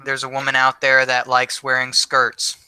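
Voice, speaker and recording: Brief: man with a very bright tone, relaxed storyteller, dry close sound. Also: mid-range voice, normal speed, clear, resonant tone, no echo. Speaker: livestream co-host. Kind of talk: casual chat.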